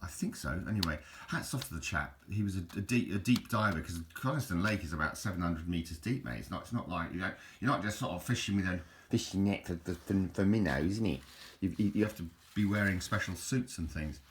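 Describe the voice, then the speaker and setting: Deep-voiced chatty Englishman. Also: a little fast, hardly any pauses, a little hiss or hum. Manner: chatty, hesitant, with frequent restarts. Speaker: video host. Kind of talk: casual rambling commentary over photos.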